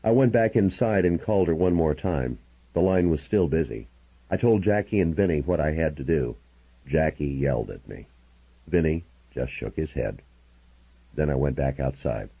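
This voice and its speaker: A man reading a first-person novel aloud as an audiobook narrator, with a husky voice and a dramatic storytelling delivery. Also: rumbling low, animated, normal speed, lo-fi sound.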